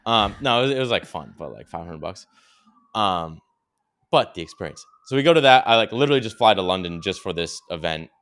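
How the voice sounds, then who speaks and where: Deep, smooth-voiced rambling young man. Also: expressive, brisk, fairly bright tone. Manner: rambling, swears freely, lots of "dude" and "like". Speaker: podcast co-host. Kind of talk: casual storytelling chat.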